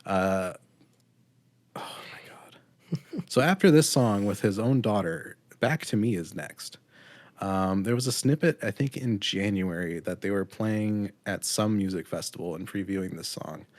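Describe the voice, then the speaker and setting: Low voiced dude ranting casually about an album, lots of ums, super dry audio. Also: male voice, normal speed, no room sound. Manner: blunt and critical, with frequent ums. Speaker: podcast co-host. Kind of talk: casual album review chat.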